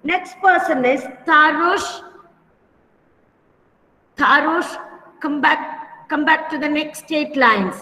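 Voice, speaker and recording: A woman teacher leading an online class for young children, speaking slowly and patiently, repeating words and calling pupils by name over a computer mic. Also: high voice, bright, forceful tone. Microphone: computer mic on a video call. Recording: echoey room with long reverb.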